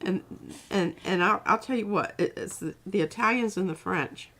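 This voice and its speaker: A woman's voice: medium pitch, a bit bright, a little hiss or hum. A woman artist demonstrating on a livestream, chatting casually and thinking aloud, often trailing off mid-sentence. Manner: halting, trailing off, thinks aloud while working. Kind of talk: casual craft demo chat.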